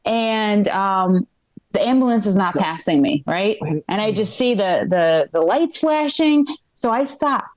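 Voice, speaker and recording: A woman's voice: mid-range voice, lively intonation, a little slow. A middle-aged woman from Ukraine, a stand-up comedian telling a rambling live story on a small club stage and checking in with the crowd.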